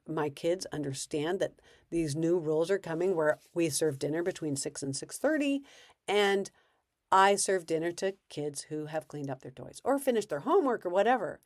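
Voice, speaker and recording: A woman's voice: fairly low pitch, a little mellow, dry recording, clean studio sound. A woman parenting coach giving casual advice in a conversational way, acting out bits of parent and child dialogue.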